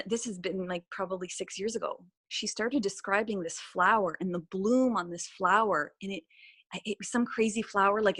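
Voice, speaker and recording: A woman talking as a podcast guest, animated and reflective, often restarting and trailing off mid-sentence. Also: mid-range voice. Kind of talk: casual podcast conversation.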